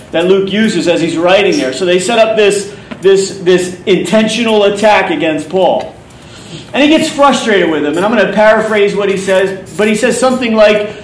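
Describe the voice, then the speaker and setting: High-voiced preacher in an echoey hall. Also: male voice, far from the mic, slight background noise. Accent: Philadelphia. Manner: conversational teaching, paraphrasing scripture with repetitions. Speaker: pastor. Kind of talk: sermon. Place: church hall.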